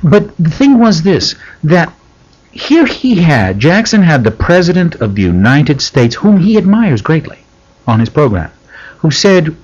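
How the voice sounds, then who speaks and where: A man with a husky voice tells a story on a radio talk show, and his pitch swings widely as he leans into each point. He is an animated studio guest. The lo-fi broadcast sound dulls the top end. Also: unhurried. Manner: animated storyteller, lively emphasis. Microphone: studio microphone.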